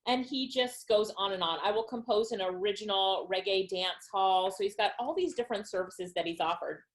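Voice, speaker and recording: Woman, online business trainer, upbeat, mid-pitched webinar delivery. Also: fairly quick. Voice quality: upbeat and enthusiastic, laughs between points.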